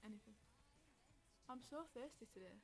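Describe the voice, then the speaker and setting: A woman's voice: fairly high pitch, moderate pace, gravelly, soft background music. A young woman hosting a casual chat podcast on stream, rambling, giggling and reading out chat messages.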